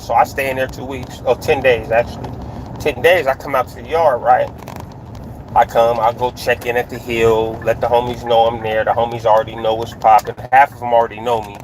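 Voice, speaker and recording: A man in casual, slangy storytelling, animated and full of restarts, recorded outdoors near traffic. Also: medium pitch, fairly quick, low-quality recording. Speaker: storyteller recounting prison life.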